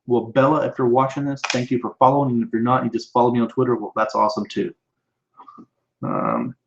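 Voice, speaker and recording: A man's voice: mid-range voice, lo-fi sound. Rambling man on a live stream. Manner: rambling, with frequent restarts and fillers. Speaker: live show host answering viewer questions. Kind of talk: casual live-stream chat. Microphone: computer microphone.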